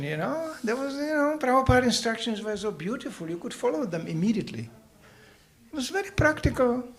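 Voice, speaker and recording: Guy preaching at a festival, tells stories with lots of voices, teasing jokes, kinda high pitched. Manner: animated storytelling with acted voices; teasing, humorous asides. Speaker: spiritual teacher. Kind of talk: festival sermon.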